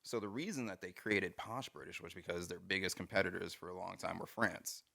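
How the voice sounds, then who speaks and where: A man's voice: sits low, brisk, vocal fry, bright, forceful tone. A man co-hosting a casual podcast chat, explaining things at length with lots of "you know" and "like". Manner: explains at length with many fillers. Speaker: podcast co-host.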